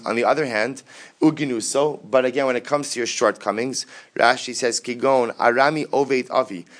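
A man leads a Talmud study lesson at a steady, middling pitch. He quotes each passage, translates it, and then works through it by repeating and rephrasing his points. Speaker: Talmud teacher.

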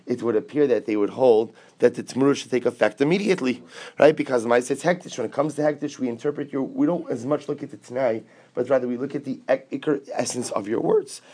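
A man's voice: mid-range voice, fast, dark tone. A man teaching a Talmud class, explaining step by step with rhetorical questions and mixing English with Aramaic and Hebrew quotes.

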